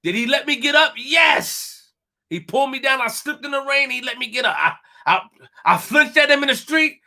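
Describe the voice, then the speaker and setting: A man's voice: very high-pitched, lively intonation, moderate pace, creaky, sharp tone. A man hosting a live stream, talking emphatically, repeating himself and addressing his chat directly. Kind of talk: animated live stream commentary.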